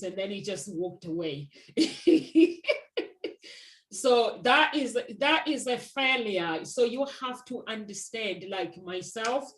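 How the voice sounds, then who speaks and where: A woman's voice: medium pitch, a little slow, reverberant, low-quality recording. A woman who works as a matchmaker, talking earnestly and reflectively in a casual conversation, sharing personal stories.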